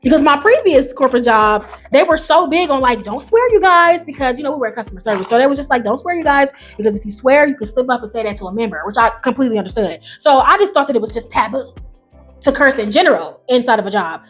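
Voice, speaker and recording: A young woman chatting casually to the camera while doing a puzzle, animated, swearing freely and jumping to sudden high exclamations. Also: fast, slightly rough, faint music behind. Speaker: vlogger.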